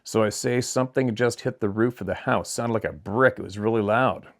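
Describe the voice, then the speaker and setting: A man hosting a channel, reading a viewer's letter aloud in a plain, steady storytelling way with brief asides of his own. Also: fairly low pitch, a little fast. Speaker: channel host.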